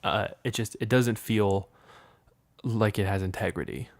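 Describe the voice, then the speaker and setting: A man's voice: lowish voice, a little slow, creaky, dry recording. A young man hosting a solo podcast, rambling frankly and with profanity, and improvising poetry in a room with the window open. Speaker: podcast host.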